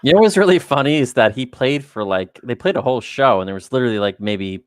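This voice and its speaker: A man co-hosting a casual livestream, recounting a concert memory and laughing as he shouts out quotes. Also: mid-range voice, lively intonation, fast talker, smooth, no room sound, studio quality. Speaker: podcast co-host.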